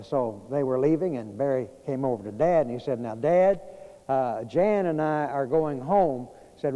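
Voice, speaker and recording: A man preaches a storytelling sermon, folksy and unhurried, with many pauses and fillers. His voice is dark and mellow. A long church-hall reverb trails after each phrase. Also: medium pitch. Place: church sanctuary.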